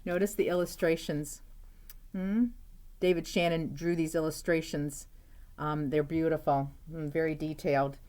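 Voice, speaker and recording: A woman's voice: low-pitched, fairly even intonation, moderate pace, dark tone. A woman teacher reading a picture book aloud to children, chatty and asking them questions, with frequent "uh-oh"s.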